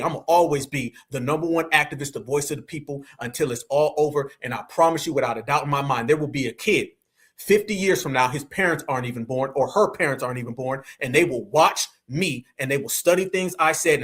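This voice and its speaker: A fairly high, slightly bright voice belongs to an American man hosting a livestream as an activist. He preaches and rallies throughout, again and again referring to his viewers as family.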